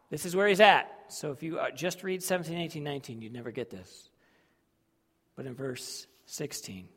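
A man preaching a sermon as a pastor, swinging dramatically from hushed tones to loud outbursts. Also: fairly high pitch, lively intonation, normal speed, pauses often, husky. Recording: long reverb of a large hall.

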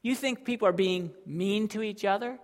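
A man playing God as a stern male divine voice, emphatic, rising loud and then dropping low. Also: moderate pace, big-room sound, lightly acted. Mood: stern warning.

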